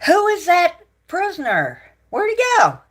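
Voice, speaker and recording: A woman on a livestream, angrily ranting at her viewers, swearing and accusing, shouting out names, then muttering to herself between outbursts. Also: extremely high pitch, huge pitch swings, measured pace. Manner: profane, accusing, shouting and yelling. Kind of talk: angry livestream rant at viewers.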